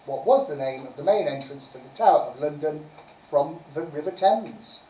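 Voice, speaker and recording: A woman's voice: deep voice, animated, normal speed, dark tone, a little hiss or hum. Chatty woman hosting a live quiz, roomy and distant. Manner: chatty, giggly, reads answers and scores aloud. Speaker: quiz host. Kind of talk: casual live-stream pub quiz. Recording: roomy sound from a distant mic.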